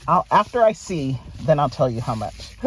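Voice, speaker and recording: A middle-aged woman talks casually to her viewers while she opens a parcel. Her pitch swings up and down in a lively way. She gushes and speaks straight to her audience. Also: normal speed, slight background noise. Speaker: vlogger. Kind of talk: casual unboxing chat. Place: at a private mailbox.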